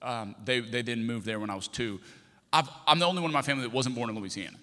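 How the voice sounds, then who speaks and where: A man's voice: mid-range voice, fast talker. A man from Texas preaching a sermon as a pastor, telling a story and acting out the dialogue in it. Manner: animated storyteller, acts out dialogue. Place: large church hall. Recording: long reverb of a big church hall.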